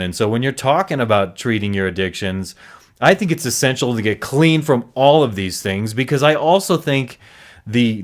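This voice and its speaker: A man hosting a solo recovery podcast, talking earnestly and reflectively with frequent restarts. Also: mid-range voice.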